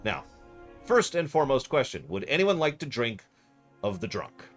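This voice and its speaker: A man running an online tabletop game as game master, chatty with quick self-deprecating asides. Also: mid-range voice, sing-song, soft background music.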